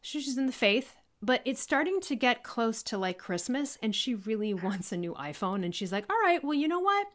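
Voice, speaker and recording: A woman tells a personal story as a guest, in a casual and animated way. She acts out the voices of the people in the story and swears freely. Her voice sits at a middle pitch for a woman. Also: normal speed, few pauses. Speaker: podcast guest.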